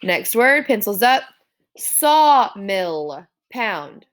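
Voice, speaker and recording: A woman's voice: mid-range voice, sing-song, drawn-out words, fairly bright tone. A woman teacher giving a classroom spelling dictation, sounding out words syllable by syllable.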